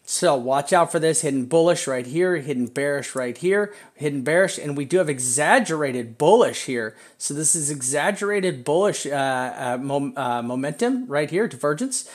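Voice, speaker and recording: A man hosting a live stream, talking through trading charts in a rambling, excitable way and laughing often. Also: a little high, moderate pace, hardly any pauses. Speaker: crypto chart analyst host.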